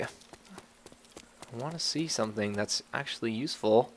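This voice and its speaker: A man hosting a gameplay video, talking through his game in a joking, self-mocking way with sudden excited yelps. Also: fairly high pitch, measured pace, pauses often. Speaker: gaming video host. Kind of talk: gameplay commentary.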